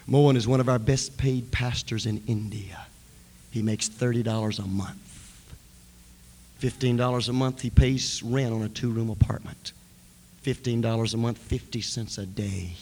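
A man preaching a passionate sermon, telling a story with dramatic swings from shouting to hushed whispers. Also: mid-range voice, fairly even intonation, normal speed. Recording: long hall reverb, faint background noise.

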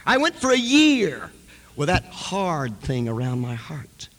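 A man preaching a passionate sermon, telling a story with dramatic swings from shouting to hushed whispers. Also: on the high side, huge pitch swings, takes it slowly. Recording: long hall reverb, faint background noise.

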